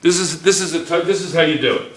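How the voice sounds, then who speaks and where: A man with a fairly high voice speaks quickly, with a little hiss or hum in the background. He is teaching a chemistry class at a whiteboard, thinking aloud, correcting himself and restarting, and asking "okay?" over and over to check in with students. The classroom is echoey and he is recorded from a distance.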